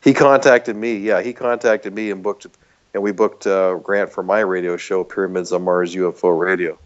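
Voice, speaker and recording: A man's voice: sits low, steady tone, moderate pace, muffled recording. A man from Canada with a Canadian accent, a guest chatting casually and earnestly in an interview, with some restarts. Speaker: podcast guest.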